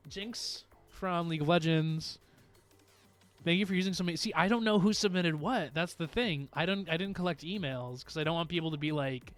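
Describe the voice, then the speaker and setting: A man's voice: a little high, a little fast, faint music behind. A man streaming live, chatting casually and rambling to his viewers with frequent laughs.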